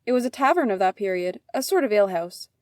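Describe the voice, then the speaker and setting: A woman's voice: mid-range voice, animated, fast, no echo, studio quality. A woman reading an old fairy tale aloud as a storyteller.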